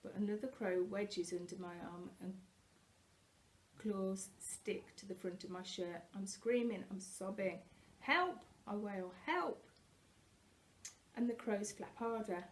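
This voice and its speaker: A woman's voice: medium pitch, measured pace, low-quality recording. Woman reading a novel aloud expressively. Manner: expressive, rising in volume at tense moments; occasional slips and self-corrections. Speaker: reader.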